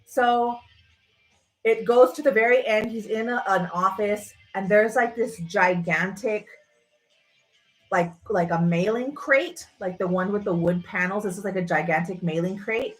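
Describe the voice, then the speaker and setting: A woman's voice: medium pitch, unhurried, faint music behind, low-quality recording. A woman hosting a livestream, ranting casually and sarcastically, swearing freely. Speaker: livestream host. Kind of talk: casual rant.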